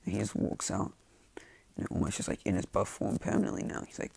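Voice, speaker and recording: A man's voice: sits low, steady tone, fast talker, gravelly, darkish tone, a little hiss or hum. A man casually retelling a fan-made story in a loose, rambling way full of fillers.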